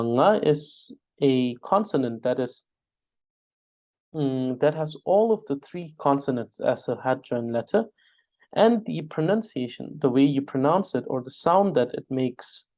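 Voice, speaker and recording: A man's voice: medium pitch, darkish tone. A man teaching an online spelling lesson over a video call, hesitant with many filler sounds, drilling syllables aloud one by one. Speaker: language teacher.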